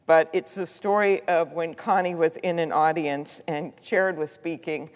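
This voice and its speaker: Senator, mid-pitched voice, heartfelt storytelling tribute, long reverb in a large chamber. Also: fairly even intonation, normal speed. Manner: heartfelt, storytelling, with filler ums. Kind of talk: floor speech tribute.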